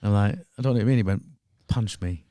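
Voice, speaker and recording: A man's voice: on the low side, very fast, clean tone, no room sound, studio quality. A man with a Northern English accent, a comedian telling sweary stories in a casual podcast chat. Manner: lively, sweary storytelling. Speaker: stand-up comedian.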